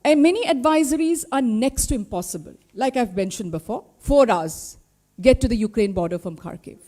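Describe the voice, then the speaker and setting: A woman with an Indian English accent speaks at a press briefing, her voice pitched noticeably high. She presses her points with one pointed rhetorical question after another, speaking as a spokesperson for her party. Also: animated, moderate pace, warm tone. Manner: impassioned, full of rhetorical questions. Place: party headquarters press room.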